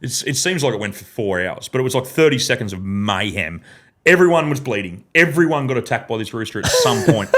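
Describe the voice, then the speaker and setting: A man's voice: mid-range voice, brisk. Sweary man spinning a yarn. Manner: sweary, laughing mid-sentence, animated yarn-spinning. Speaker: podcast guest. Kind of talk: casual storytelling. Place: podcast studio.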